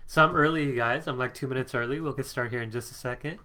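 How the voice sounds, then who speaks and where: Middle-aged male host at his home desk, a bit congested; casual, chatty, bright, laughs easily. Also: medium pitch, fast. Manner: chatty, reads out viewer comments, laughs often. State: congested from allergies. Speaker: psychic coach hosting a live stream. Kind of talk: casual live-stream chat. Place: home office.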